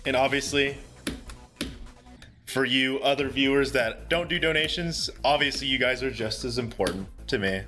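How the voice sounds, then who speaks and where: A man's voice: medium pitch, moderate pace, bright, forceful tone, soft background music. A young man talking casually to viewers during a live stream, earnest and chatty, swearing freely and laughing often. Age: young adult.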